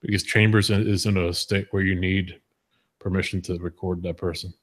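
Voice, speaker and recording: A man's voice: low-pitched, flat delivery, normal speed. A man hosting a live stream, chatting casually about online drama, laughing often and repeating his words as he goes. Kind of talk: casual political chat.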